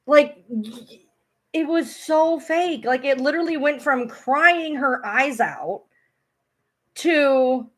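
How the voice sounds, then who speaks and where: A woman chatting casually on a livestream, animated, swearing freely and often breaking into laughter as she talks back to viewers. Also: sits high, slow pace. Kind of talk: casual live commentary.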